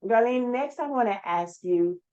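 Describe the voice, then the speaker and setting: A woman's voice: on the high side, expressive, normal speed, dark tone, clear, resonant tone. A woman hosting an interview show, reflective and summing up her guest's words. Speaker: podcast host, life coach. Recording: dull lo-fi sound.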